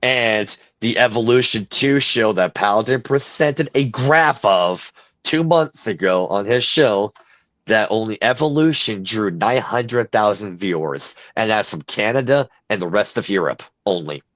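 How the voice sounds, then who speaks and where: A man's voice: fairly low pitch, lively intonation, measured pace, fairly bright tone, no room sound. A man hosting a podcast in casual chat, reading news items aloud and giving blunt opinions. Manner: blunt and opinionated, with a few fillers. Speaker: podcast host. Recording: dry, dull lo-fi sound.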